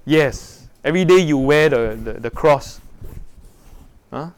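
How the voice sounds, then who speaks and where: A man preaches to a room of young people, his voice sitting a little high. He swings between hushed and loud, firing off rhetorical questions and acting out the people in his stories. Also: takes it slowly, clear, resonant tone. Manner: animated, rhetorical questions, acts out quoted voices. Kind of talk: sermon.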